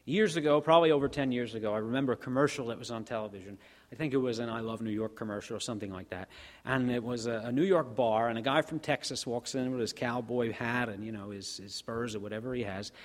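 A man preaching a sermon, asking rhetorical questions and swinging between soft and emphatic delivery. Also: medium pitch, quick pace. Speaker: pastor. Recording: long reverb of a church hall.

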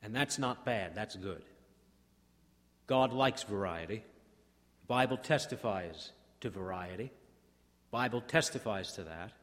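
A man preaching a sermon as pastor, swinging between hushed, drawn-out phrases and rousing, repetitive build-ups. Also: fairly low pitch, expressive. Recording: long hall reverb.

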